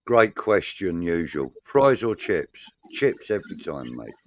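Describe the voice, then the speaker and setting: A man's voice: low voice, very animated, a little slow. A man co-hosting a casual football fan chat, reading viewer comments aloud and bantering with a bit of swearing.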